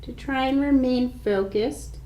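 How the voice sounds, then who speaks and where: A woman guiding a yoga class with slow, calm, soothing instructions. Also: high voice, echoey room, slight background noise.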